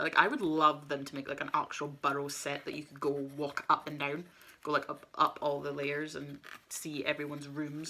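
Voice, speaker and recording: A woman's voice: low voice, creaky, sharp tone, a little hiss or hum. A woman in her twenties chatting casually as she builds a model set, easily flustered and muttering to herself as she goes. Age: 20s. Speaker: vlogger.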